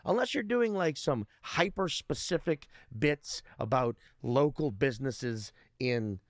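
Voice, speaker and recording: A man's voice: mid-range voice, animated, unhurried, no echo, studio quality. A male stand-up comedian guesting on a podcast, talking in a rambling, profane way with many restarts. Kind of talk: casual podcast interview.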